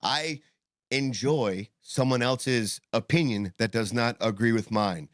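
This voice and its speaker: A man's voice: medium pitch, slow pace, no echo. A man co-hosting a casual podcast discussion, rambling and swearing with many fillers and restarts, talking with tobacco in his mouth. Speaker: podcast co-host.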